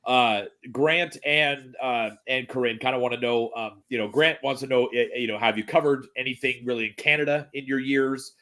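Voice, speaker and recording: A man's voice: medium pitch, steady tone, normal speed, few pauses, pushed and bright. A man hosting a podcast, chatting casually, often agreeing and reading out listener questions. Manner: agreeable, frequent affirmations. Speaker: podcast host. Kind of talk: casual chat.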